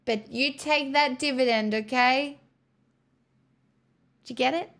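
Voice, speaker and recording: A woman's voice: high-pitched, slow, a bit bright. A woman livestreamer chatting casually with her viewers, using sarcastic, mock-corporate girlboss patter.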